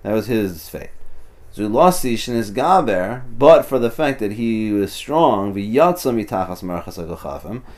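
A man's voice: on the low side, lively intonation, moderate pace, few pauses, mellow. A man teaching an informal text study, translating passages and explaining them as he goes, often restarting and adding "you know". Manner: thinks aloud, restarts, many "you know"s. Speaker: Torah teacher.

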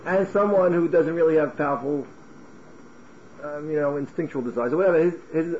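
A man teaching a Talmud class in an animated way, firing off rhetorical questions and restarting his words. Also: on the high side, fairly quick, muffled recording, slight background noise. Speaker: Torah teacher.

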